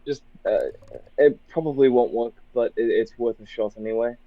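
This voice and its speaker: A man playing a tabletop game, chatting casually and thinking aloud in halting restarts. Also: medium pitch, highs cut off. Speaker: player.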